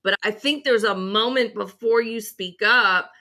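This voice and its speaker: A woman's voice: mid-range voice, a little slow, bright, forceful tone. A woman co-hosting a podcast conversation, talking emphatically and telling stories with animation. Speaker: podcast co-host. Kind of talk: casual conversation.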